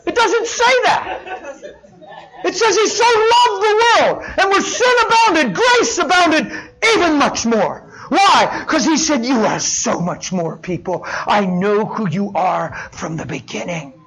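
A middle-aged male pastor delivering a sermon with a notably high-pitched voice. He swings from hushed, near-whispered lines to loud, impassioned shouting as he drives his points home. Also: animated, unhurried, rough recording.

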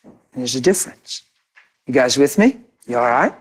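A man preaching a sermon as pastor, animated and conversational, often laughing and acting out quotes. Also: medium pitch, moderate pace.

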